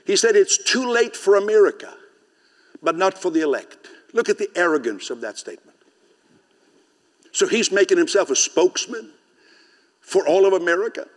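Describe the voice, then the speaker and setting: A man's voice: high voice, big-room sound. A man preaching a sermon as pastor, speaking conversationally, often asking the congregation questions and laughing. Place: church sanctuary.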